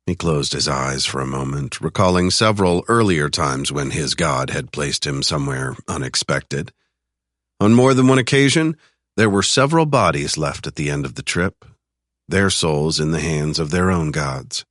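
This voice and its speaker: A man narrating a thriller audiobook in an even, measured reading style. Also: very deep voice, no echo, studio quality.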